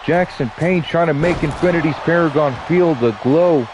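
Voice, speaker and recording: A man's voice: fairly high pitch, normal speed, background noise. A man with a stuffy nose doing casual wrestling play-by-play commentary, dropping joking asides between his calls.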